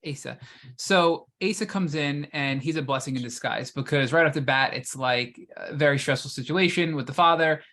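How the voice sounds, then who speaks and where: A man's voice: fairly high pitch, normal speed, pushed and bright. A man hosting a podcast, recapping the guest's story and asking long, winding questions. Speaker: podcast host. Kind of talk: interview questions.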